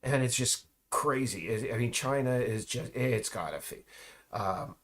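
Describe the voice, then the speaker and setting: A man talks through a loose, rambling monologue in a voice of ordinary pitch. He stops and restarts often and trails off into asides. Dry, mocking remarks run through his talk. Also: animated, unhurried.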